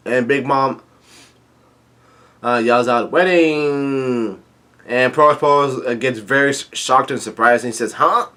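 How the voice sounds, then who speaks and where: A man's voice: medium pitch, steady tone, unhurried, long pauses, pushed and bright. A man giving a casual recap of a manga chapter, reading lines aloud with lots of fillers and restarts. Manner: rambling with many fillers and restarts. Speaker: manga chapter reader and reviewer.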